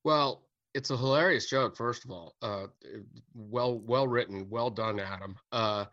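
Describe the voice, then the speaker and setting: An older man from the United States, a veteran stand-up comic, talks bluntly and without apology in a casual interview, chuckling as he makes his points. His voice sits at an average pitch. The audio is slightly dull and lo-fi, with a dry, close sound. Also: unhurried, a bit bright, no room sound. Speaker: stand-up comedian, guest.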